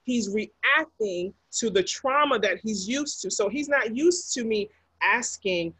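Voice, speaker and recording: A woman with a slightly husky, breathy edge talks through relationship patterns on a podcast. She leans into each point and repeats it for emphasis. The sound is close and dry, with no room around her. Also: on the high side, animated, unhurried, a bit bright, no echo. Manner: emphatic, repeats key phrases for effect. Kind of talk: podcast conversation.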